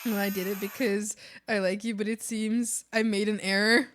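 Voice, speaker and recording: A woman's voice: mid-range voice, little pitch movement, moderate pace, a bit bright. A woman streamer chatting casually with her viewers while she draws, playful and theatrical as she thanks them. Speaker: art streamer.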